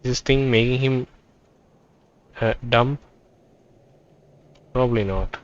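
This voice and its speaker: A man playing a role-playing game, reading its text aloud and thinking out loud about what he finds. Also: mid-range voice, slow pace, highs cut off, slight background noise. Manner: thinking aloud, reads dialogue in quoted turns. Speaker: let's play gamer.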